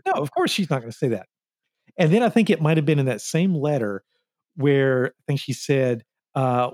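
A man co-hosting a casual movie podcast, picking at plot details in a questioning, animated way. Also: mid-range voice, normal speed, dry recording, clean studio sound. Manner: nitpicky, questioning, animated retelling. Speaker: podcast co-host. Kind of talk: casual movie review chat.

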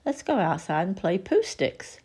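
A woman reading aloud and voicing Pooh, a gentle, slow-witted male teddy bear who speaks unhurriedly. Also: mid-range voice, very animated, breathy edge, full character voice.

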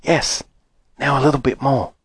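A man putting on a soft-spoken young boy. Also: medium pitch, fairly even intonation, moderate pace, slightly rough, no room sound, clean studio sound, voice pushed up. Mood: earnest. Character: earnest young boy, gentle and hesitant.

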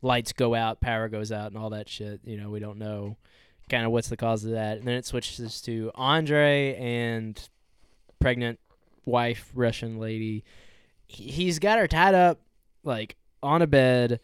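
A man co-hosting a podcast recaps a movie scene by scene in laid-back, casual film discussion, walking through the plot with "from there." His medium-pitched voice is smooth and unhurried, recorded at studio quality with no room sound.

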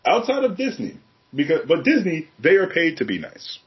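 Lively, outspoken man chatting on a podcast. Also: on the high side, normal speed, slightly rough, dull audio. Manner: candid, profane, animated storytelling. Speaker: podcast co-host. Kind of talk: casual chat.

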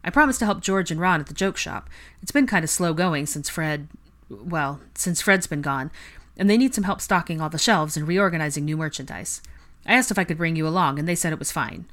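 Rich: A young man with a wry, teasing streak, as voiced by a woman reading a fan fiction audiobook, good-humoured and low-pitched. He ribs a former rival gently, never unkindly, in an easy everyday tone. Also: brisk.

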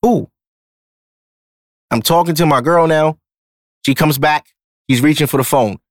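A man's voice: fairly high pitch, unhurried, no echo, clean studio sound. Blunt, profane man talking on a podcast. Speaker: podcast host. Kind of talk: casual monologue.

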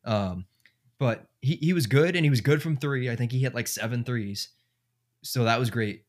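A man's voice: medium pitch, moderate pace. A man hosting a casual sports podcast, thinking aloud with lots of fillers. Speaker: podcast host.

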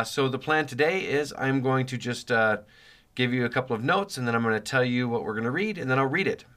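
A man with a bright, forceful voice hosts a podcast from his home office, rambling and joking with plenty of fillers. His voice is still recovering after a chest cold. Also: mid-range voice. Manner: jokey and rambling, many fillers. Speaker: podcast host. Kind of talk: casual rambling podcast intro.

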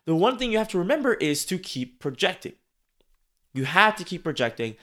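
Guy doing a podcast lesson on speaking, pretty high voice, lively and bouncy, repeats himself a lot. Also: fairly quick. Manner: animated, demonstrative, repeats phrases for emphasis. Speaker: podcast host and speaking coach. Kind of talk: instructional podcast talk.

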